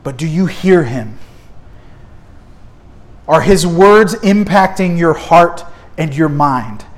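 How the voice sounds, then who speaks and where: A man's voice: a little high, lively intonation, slow. A man preaching a sermon as pastor, emphatic, asking the congregation rhetorical questions and repeating key words.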